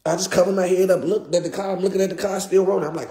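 A man's voice: high-pitched, very fast, vocal fry, few pauses, reverberant. Young DC man telling a street story. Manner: animated, slangy, repeats himself. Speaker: guest.

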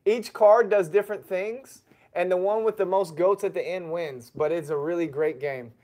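A man's voice: high voice, normal speed. A man, hosting a casual family livestream, chatty and reading out viewer messages. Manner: chatty, reads chat aloud, gives shout-outs.

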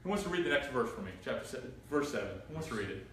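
In a church room, a pastor leads an interactive Bible study, reading scripture aloud and animatedly asking the group questions. His mid-range voice is very fast. The recording picks him up from far off in an echoey room, with faint noise.

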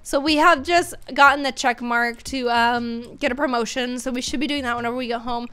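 A woman's voice: on the high side, steady tone, a little fast, bright, forceful tone, smooth. A woman hosting a gaming channel, chatting to viewers in let's-play commentary.

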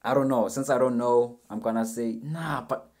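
A man's voice: medium pitch, fairly even intonation, normal speed, a little mellow. A young man giving a rambling, self-mocking reaction commentary, swearing freely as he goes. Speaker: reaction video host.

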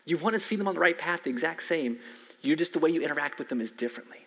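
A man in his forties preaching a conversational sermon as a pastor, swinging from loud emphasis to soft near-whispers. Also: on the high side, lively intonation, very fast, gravelly, breathy edge. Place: church sanctuary. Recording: long hall reverb from a church sanctuary.

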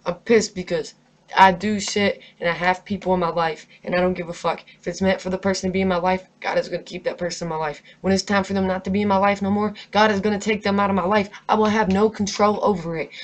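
A stressed, angry woman vlogger in an unscripted, profanity-heavy rant delivered straight to camera. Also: medium pitch. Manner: profane, emphatic, heated.

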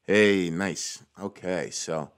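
A man's voice: low voice, fairly even intonation, extremely slow, clear, resonant tone. A young man hosting a casual screen-recorded walkthrough, chatty and cheering small wins as he goes. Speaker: cybersecurity tutorial host.

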